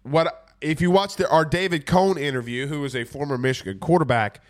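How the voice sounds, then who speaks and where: A man's voice: on the high side, fairly quick. A man with a stuffy, congested voice, hosting a casual sports talk show and rambling through viewer comments. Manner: laid-back, rambling with fillers. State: congested from a cold. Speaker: podcast host.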